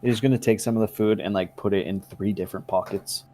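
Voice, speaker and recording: A man playing a tabletop role-playing game, joking around and describing his character's actions in a playful, expressive way. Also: lowish voice, quick pace. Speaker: player. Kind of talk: tabletop role-play chat.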